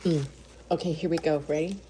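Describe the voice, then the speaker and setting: A woman food vlogger unboxes and tastes baked goods in her home kitchen, gasping, moaning and gushing over the food. Her voice is deep, warm and steady with a brisk pace, and the audio has a little hiss or hum.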